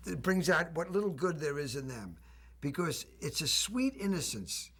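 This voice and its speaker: An older actor reminiscing in an interview, telling anecdotes with a raspy voice. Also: male voice, on the high side, sing-song, normal speed. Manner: warm anecdotal storytelling with laughs. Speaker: actor recalling a film.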